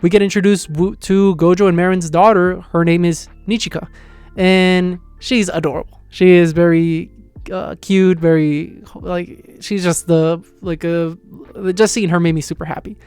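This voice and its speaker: A man with a slightly high, smooth and resonant voice excitedly recaps a story in a loose, casual way. His talk rambles with plenty of fillers and quick restarts. The sound is dry and close, with soft music faintly underneath. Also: no room sound. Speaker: manga reviewer. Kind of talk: casual reaction review.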